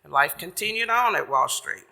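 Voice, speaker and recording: A long reverb hangs in the church after each phrase as this man, a church member giving the message, animatedly tells a sermon story at a moderate pace. He's folksy and chatty, paraphrasing as he goes, in a fairly high, gravelly, bright voice.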